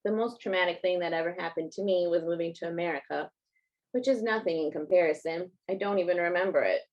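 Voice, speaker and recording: A woman author reading her own fiction aloud in a measured, first-person narrating voice. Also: lowish voice, lo-fi sound.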